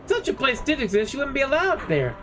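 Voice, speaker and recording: A man's voice: very high voice, huge pitch swings, fast, voice pushed up, full character voice. A man voicing a prim middle-aged woman librarian who calls people dearie, sweet but guarded. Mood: sweetly prim. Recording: game music playing underneath.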